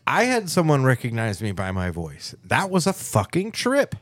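A man's voice: medium pitch, wildly swooping pitch, moderate pace, no room sound, studio quality. A man chatting casually on a podcast, laughing often and swearing as he tells rambling stories.

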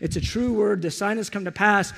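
A man preaching, telling a story with animated, excited energy. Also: high-pitched, fairly quick, creaky, long reverb tail. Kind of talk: storytelling sermon.

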